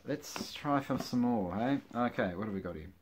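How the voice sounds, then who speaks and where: A man's voice: mid-range voice, animated, moderate pace, slight background noise. A middle-aged man reading old jokes aloud, groaning and laughing at them with wry, self-mocking asides. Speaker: channel host.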